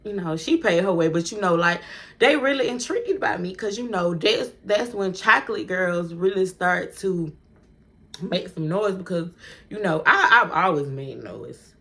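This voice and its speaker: A woman vlogger telling a story to her viewers, animated and chatty, swearing freely and laughing often. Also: fairly low pitch, moderate pace. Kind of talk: storytime vlog.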